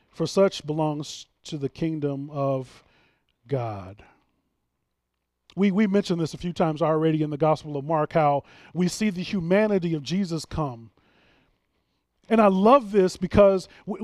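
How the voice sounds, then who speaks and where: A man delivers an earnest, emphatic sermon in a fairly high voice, often restarting his phrases as he presses a point. The sound is dry and close, with no room echo. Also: a little mellow. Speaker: pastor.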